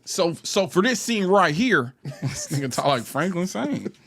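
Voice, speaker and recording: A man's voice: sits high, big pitch swings, slow pace, a bit bright, husky. A man co-hosting a comedy podcast, talking casually and profanely, laughing often as he rants about a movie. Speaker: podcast co-host.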